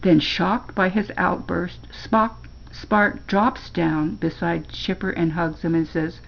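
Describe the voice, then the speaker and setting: An older woman reading a children's story aloud, slowly and gently, as a storyteller. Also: lowish voice, fairly even intonation, creaky, lo-fi sound.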